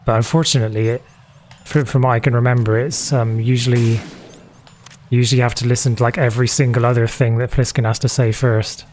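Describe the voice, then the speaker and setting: Chatty gamer thinking aloud. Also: male voice, mid-range voice, flat delivery, a little fast, a little mellow, a little hiss or hum. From England. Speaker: gamer streaming a playthrough. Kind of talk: casual gameplay commentary. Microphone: desk mic that keeps disconnecting.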